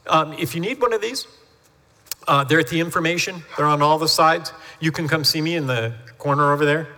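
A pastor preaching in a church sanctuary, his fairly high voice bright and forward. He tells stories in a chatty way and acts out the people he quotes. The sound carries a long hall reverb. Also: brisk. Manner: chatty storytelling with lively acted-out quotes. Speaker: family pastor. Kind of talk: sermon.

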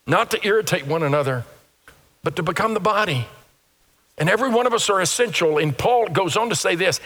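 A man preaching a sermon as pastor, animated and acting out the little voices of churchgoers. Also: sits high, a little fast. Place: church sanctuary. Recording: long reverb of a church hall.

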